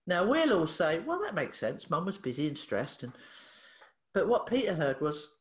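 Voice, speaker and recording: A woman, a therapist guest on a podcast, telling a story in a lively way, acting out the dialogue and laughing often. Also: lowish voice, moderate pace. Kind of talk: animated storytelling in an interview. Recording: echoey room.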